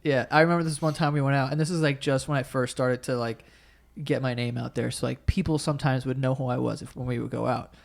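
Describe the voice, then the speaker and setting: A man's voice: medium pitch, fast, creaky. A young man hosting a podcast, chatting casually and acting out the people in his stories. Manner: animated storyteller, acts out quotes. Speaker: podcast host. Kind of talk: casual chat.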